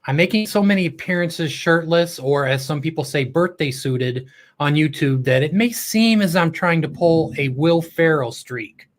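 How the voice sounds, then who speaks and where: A man's voice: fairly high pitch, normal speed. A middle-aged man hosting a casual live stream, chatty and upbeat, teasing his viewers.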